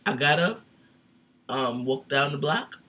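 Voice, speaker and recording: A man's voice: medium pitch, lively intonation, takes it slowly, heavy background noise. A man co-hosting a casual podcast chat, an easygoing storyteller who leans on fillers. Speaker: podcast co-host.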